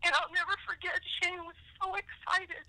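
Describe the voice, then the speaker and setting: High bright-voiced tearful woman. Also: little pitch movement, brisk, slight background noise, low-quality recording. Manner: emotional, sincere. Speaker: caller, host's mother. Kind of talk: phone call.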